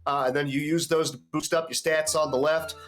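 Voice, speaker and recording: A man's voice: a little high, little pitch movement, a little fast, fairly bright tone, faint music behind. A man explaining a video game casually as he plays, with frequent restarts and small chuckles. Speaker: game player.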